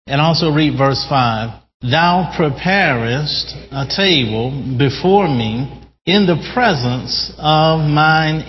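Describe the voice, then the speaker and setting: Slow, emphatic preaching man in a hall. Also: medium pitch, slight background noise. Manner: slow, emphatic preaching with drawn-out key words. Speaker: pastor. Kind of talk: sermon. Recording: dull lo-fi sound in a reverberant hall.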